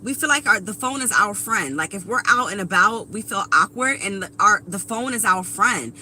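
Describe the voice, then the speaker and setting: A woman's voice: medium pitch, lively intonation, moderate pace, sharp tone, a little hiss or hum, rough recording. A woman in her thirties doing a casual live tarot reading, talking bluntly and with profanity straight to her viewers. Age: 30s. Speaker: tarot reader.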